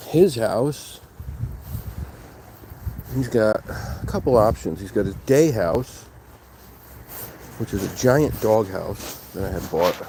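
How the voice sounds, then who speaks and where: A man's voice: lowish voice, mellow. A man hosting his paranormal investigation show, chatting casually and thinking aloud to his viewers in a rambling way. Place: at home, partly outdoors by the pets' houses. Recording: noisy home recording.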